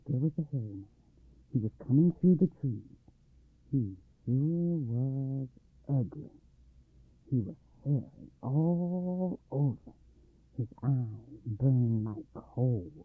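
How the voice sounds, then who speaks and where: Husky man reading a folktale. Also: no echo. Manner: expressive, varies pitch and volume. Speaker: storyteller. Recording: dry tinny phone-like line.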